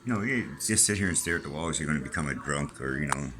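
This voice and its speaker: A man's voice: a bass voice, animated, quick pace, low-quality recording. A middle-aged man rambling casually and profanely in a vlog from a small room at home, jumping from topic to topic. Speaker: vlogger.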